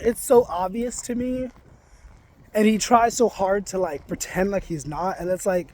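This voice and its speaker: A man with a notably high voice talks through a personal frustration in a casual vlog. He is emphatic and curses freely, then settles into reflective self-help reminders. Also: darkish tone, a little hiss or hum. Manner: emphatic, ranting, swears freely. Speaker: vlogger. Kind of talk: casual confessional monologue.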